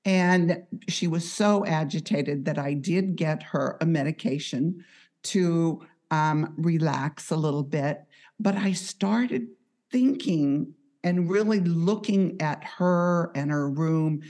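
Slow, low-voiced woman healthcare worker. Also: a little mellow. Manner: measured and reflective. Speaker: on-call hospice healthcare professional. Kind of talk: conversational storytelling.

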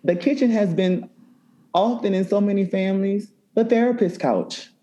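A man who works as a therapist, from New Orleans, talking in an interview in an animated way with many restarts. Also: high voice, normal speed, low-quality recording. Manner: warm, animated storytelling with frequent restarts. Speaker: therapist and cookbook author. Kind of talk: interview conversation.

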